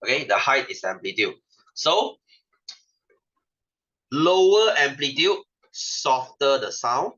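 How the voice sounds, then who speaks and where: A man's voice: mid-range voice, very animated, slow pace, pauses often, pushed and bright. A young man with a Malaysian English accent teaching an online science class, playful and teasing, laughing often. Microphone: webcam microphone. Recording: dull lo-fi webcam audio.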